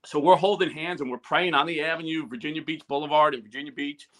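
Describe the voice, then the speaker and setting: A man's voice: a little high, fairly even intonation, fast, a bit bright. A man tells stories in a casual interview and acts out the quoted dialogue. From New Jersey. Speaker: guest, YouTuber. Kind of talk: casual storytelling.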